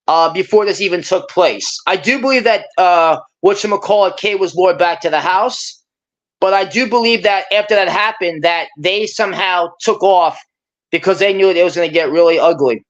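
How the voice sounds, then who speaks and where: A man's voice: high-pitched, normal speed, fairly bright tone. A man from Brooklyn, New York, calling into a live show and chatting casually about a case, throwing in Italian phrases. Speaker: caller. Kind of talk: casual call-in chat. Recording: dull lo-fi call line.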